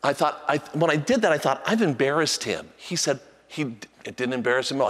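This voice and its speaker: An older man preaching a sermon as a pastor, telling a story about his grandson and switching between soft, reverent passages and lively storytelling. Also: brisk, few pauses, in a large hall. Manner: storytelling, animated, voice jumps high when acting out a child.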